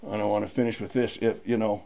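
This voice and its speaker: A man's voice: fairly low pitch, little pitch movement, fast, vocal fry, warm tone. An older man sharing his personal recovery story at a meeting, plainspoken and emotional. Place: meeting room.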